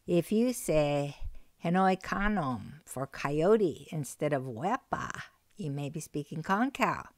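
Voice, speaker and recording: A woman teaching a recorded language lesson, speaking slowly and patiently and repeating key words with care. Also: sits low, lively intonation, no room sound. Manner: slow, careful, patient delivery with repeated phrases.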